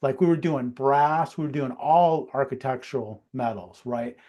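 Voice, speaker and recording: Man, glass tradesman, casual livestream chat, relaxed and reflective, mid-pitched voice. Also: normal speed.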